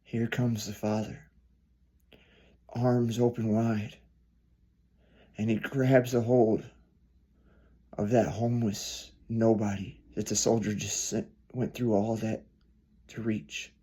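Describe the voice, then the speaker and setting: A man preaching a storytelling sermon, earnest, swelling louder then dropping soft. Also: fairly low pitch, little pitch movement, slow pace, pauses often, husky.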